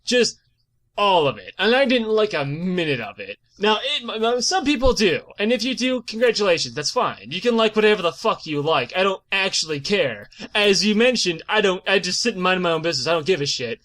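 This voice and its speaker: Podcast host, male, high and bouncy delivery, profane rant, casual chat. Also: a little fast. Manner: animated profane ranting with frequent laughs.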